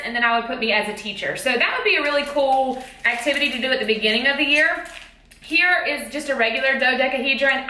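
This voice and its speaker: A woman's voice: high-pitched, pushed and bright. A woman teacher chatting in a bubbly, exclamatory way about a haul of school supplies. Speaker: teacher vlogger. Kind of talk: casual haul vlog. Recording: echoey room.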